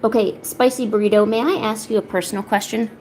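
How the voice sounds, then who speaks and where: A woman's voice: fairly high pitch, fairly even intonation, fast, a little mellow, slight background noise. A young woman streaming as she paints, chatting casually and rambling to her viewers. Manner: rambling, chatty, talks to chat and a pet. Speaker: art streamer. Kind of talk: casual livestream chat while painting.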